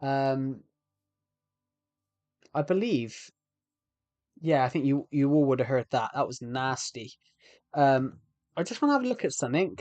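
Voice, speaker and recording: A man's voice: mid-range voice, expressive, measured pace, pauses often, darkish tone, no room sound. A man live-streaming a game, chatting casually with viewers and often restarting sentences.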